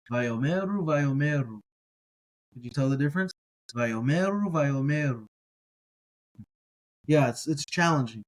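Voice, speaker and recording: A man teaching a relaxed, casual language lesson, carefully sounding out each word slowly and repeating it, with encouraging asides. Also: a little high, low-quality recording. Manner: relaxed, encouraging, thinks aloud with fillers. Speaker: Hebrew teacher.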